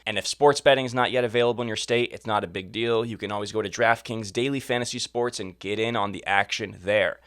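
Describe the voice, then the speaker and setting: A man's voice: fairly low pitch, fairly even intonation, brisk, hardly any pauses, fairly bright tone, no echo, clean studio sound. A man reading a sponsor ad in an upbeat, casual way. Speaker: host reading an ad. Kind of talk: sponsor ad read.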